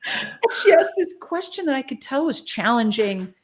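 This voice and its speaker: A woman's voice: high-pitched, very animated, moderate pace. A woman guest in a casual interview, speaking frankly and animatedly and laughing often. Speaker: guest, spiritual channeler.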